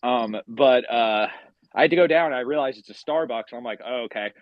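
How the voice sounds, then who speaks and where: A man's voice: mid-range voice, brisk, no echo. Profane man ranting on a lo-fi call. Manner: profane, rants loudly and gets worked up. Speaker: podcast host. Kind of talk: casual chat over a call. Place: outside, pacing. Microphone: phone call at the edge of wifi range. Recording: dull lo-fi call audio.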